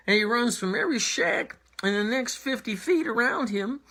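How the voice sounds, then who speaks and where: A man telling a tall tale in a halting, suspenseful way, dropping to a hush at tense moments. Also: high-pitched. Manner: halting, restarts, drops to whispers for suspense. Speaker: storyteller.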